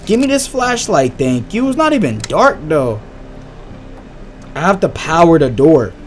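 Young man, let's-play commentary, excitable, slangy, fairly high voice. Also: unhurried, faint music behind. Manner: excitable and slangy, reacting loudly to scares. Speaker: gaming YouTuber.

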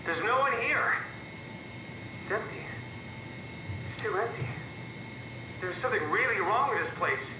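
A man's voice: animated, a little slow, long pauses. An actor voicing a confused, frightened man waking in a simulation in a video game, his questions turning frantic. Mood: panicked. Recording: echoey, distant game audio over rumble.

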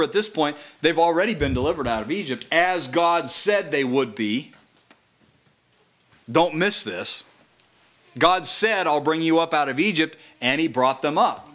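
A man with a bright, fairly high voice preaches a sermon at a small house church gathering. He reads scripture slowly and deliberately, then talks through its meaning in a relaxed, conversational way.

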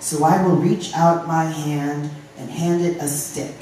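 A poet from Ohio reading poems aloud at a live open mic, with halting, filler-laden chat between poems. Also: medium pitch, fairly even intonation, mellow, slight background noise. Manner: reads poems, chats with fillers between them. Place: live venue room. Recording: very echoey room from a distance.

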